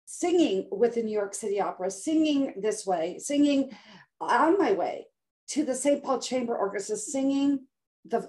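An older woman speaks as an interview guest in a fairly high voice. She tells her life story dramatically, leaning on repeated words for emphasis. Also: darkish tone.

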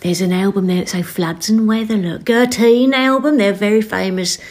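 A woman with a broad West Suffolk accent chats away as a podcast co-host. She giggles often and drops into local dialect grammar. Her pitch sits in the middle for a woman. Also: normal speed, a little mellow. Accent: West Suffolk English. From West Suffolk, England. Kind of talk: casual chat.

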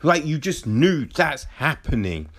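A man giving a profane, exasperated review of a show, mocking its characters in high put-on voices. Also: big pitch swings, unhurried. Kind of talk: ranting casual review.

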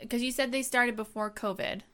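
A woman co-hosting a podcast talks in easy, casual chat. She peppers her partner's story with quick questions and teasing asides. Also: on the high side, fairly even intonation, a bit bright. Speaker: podcast co-host.

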